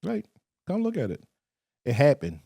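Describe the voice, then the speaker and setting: A man, co-hosting a casual podcast and telling stories with animated quoted voices. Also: fairly high pitch, moderate pace, creaky, breathy edge, dry recording, clean studio sound. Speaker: podcast co-host.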